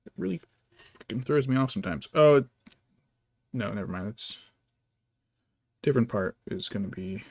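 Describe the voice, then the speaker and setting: A man with a mid-range voice talking in a loose, rambling way as he works, thinking out loud and correcting himself. The sound is dry and close, with no room around it. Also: medium pitch, lively intonation, moderate pace, creaky, pauses often, husky, no room sound. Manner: rambling, mutters to himself, baby-talks his cat. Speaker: vtuber painting miniatures. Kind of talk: casual chat while working.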